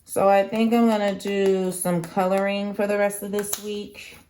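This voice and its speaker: A young woman runs a crafting channel and talks to her viewers as she works, casual and full of slang. Her voice sits at an ordinary middle pitch, and she leans hard on the words she wants to stress. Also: little pitch movement, measured pace, darkish tone, slight background noise. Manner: chatty, emphatic, uses lots of slang. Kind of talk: casual chat while crafting.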